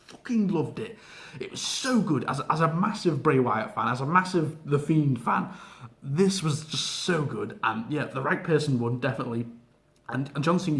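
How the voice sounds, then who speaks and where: A man giving an excitable, gushing casual video review of a wrestling event, with frequent laughs and filler words. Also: a little high.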